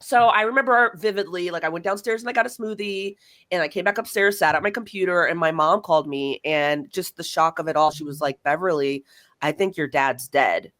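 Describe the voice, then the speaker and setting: A woman's voice: lowish voice, fairly quick. A young woman hosting a podcast, telling a personal story in conversation and acting out the dialogue. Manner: animated, acts out quoted dialogue. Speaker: podcast host.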